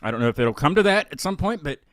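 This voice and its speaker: A man's voice: a little high, very animated, quick pace, a bit bright, dry recording, studio quality. A man hosting a live music talk show, chatting casually and rambling with frequent restarts and fillers. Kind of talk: casual live-stream chat.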